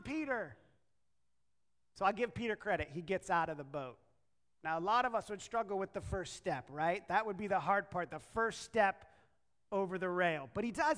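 A woman preacher delivering a sermon as a story, acting out the quotes and turning to the listeners with asides. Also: a little high. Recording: echoey hall.

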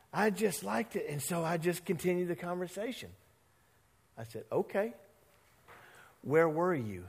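A man preaching a sermon as pastor, telling a story and acting out the voices of the people in it. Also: high voice. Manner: animated, acts out quoted voices. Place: church sanctuary. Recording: long church hall reverb.

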